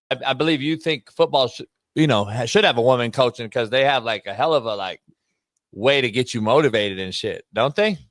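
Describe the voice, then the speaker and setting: Loud-mouthed cussing sports talk host, bright voice, dry studio sound. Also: male voice, medium pitch, a little fast, no room sound. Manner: brash, profane ranting. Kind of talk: live sports talk show.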